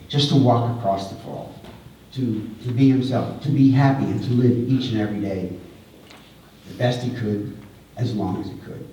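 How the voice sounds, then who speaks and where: A middle-aged man delivers a memorial eulogy in a mellow, darker voice, pausing and repeating himself as he speaks with feeling. He is heard from a distance in a large, very echoey hall, with a faint room hum behind him. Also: medium pitch. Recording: echoey hall, voice far from the mic.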